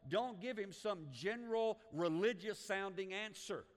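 Higher-voiced preaching man in reverberant hall. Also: unhurried. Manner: emphatic preaching with frequent restarts, getting louder. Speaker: pastor. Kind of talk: sermon.

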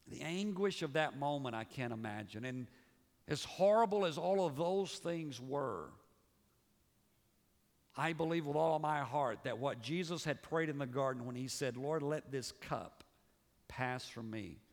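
A male pastor preaching a sermon, swinging between raised, emphatic passages and hushed, low ones. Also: lively intonation, normal speed. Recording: long reverb of a large hall.

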